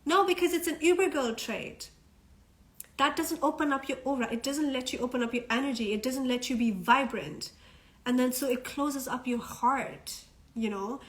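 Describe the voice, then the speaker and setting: A woman's voice: high voice, moderate pace. A woman coaching on a casual live stream, chatty and frank, swearing now and then and checking that listeners follow. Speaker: self-development coach.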